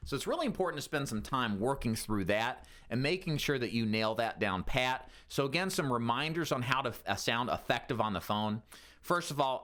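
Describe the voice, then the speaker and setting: Animated male sales coach. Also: mid-range voice. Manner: lively, coaching delivery with varied intonation. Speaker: insurance sales trainer. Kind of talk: instructional talk to camera.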